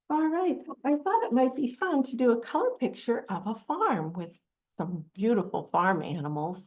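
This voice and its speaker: Animated sing-song woman reading to kids. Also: fairly high pitch, dull audio. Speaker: children's librarian. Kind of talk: storytime for young children.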